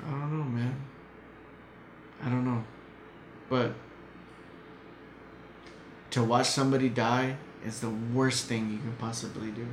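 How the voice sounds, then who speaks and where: A man's voice: mid-range voice, flat delivery, a little slow, long pauses. A man telling a story in casual chat as a podcast guest, blunt and heated, swearing often. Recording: echoey room, faint noise.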